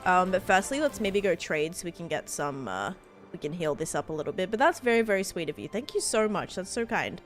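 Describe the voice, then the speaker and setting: A woman live streaming a game, excitedly thanking viewers and rambling through stories with lots of fillers. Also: fairly low pitch, fairly quick, soft background music. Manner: rambling storytelling with many fillers. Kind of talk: casual live-stream chat while gaming.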